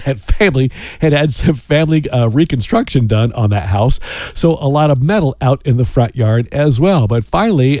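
Lively, mellow-voiced male radio host. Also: medium pitch, no room sound. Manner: chatty, storytelling with asides. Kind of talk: radio chat between songs.

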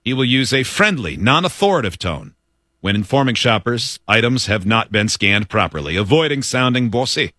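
A man's voice: medium pitch, sing-song, normal speed, sharp tone, no echo, clean studio sound. A man hosting a casual morning radio show, reading news items aloud and joking with his co-hosts. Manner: reads news aloud with jokes and laughter.

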